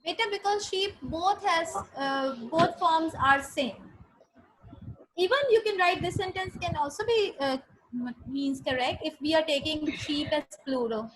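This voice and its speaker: High-voiced woman teaching grammar. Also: measured pace, rough recording. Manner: patient, spells words letter by letter and repeats sentences. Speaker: English teacher. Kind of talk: online grammar lesson.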